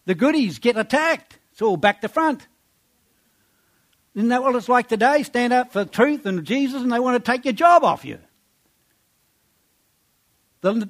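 A man preaches a sermon, reading scripture aloud and pressing his congregation with rhetorical questions. His voice drops low and quiet on words of praise.

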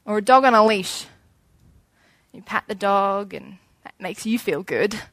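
A young woman gives an informal sermon, chatty and animated, acting out little scenes as she goes. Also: mid-range voice, a little slow, no echo.

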